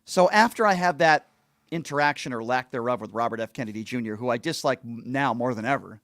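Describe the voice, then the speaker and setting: A man's voice: medium pitch, a little fast, a bit bright, no room sound, studio quality. A middle-aged man hosting a show, recounting a story in a blunt, indignant, casual monologue and acting out the lines he quotes. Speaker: host.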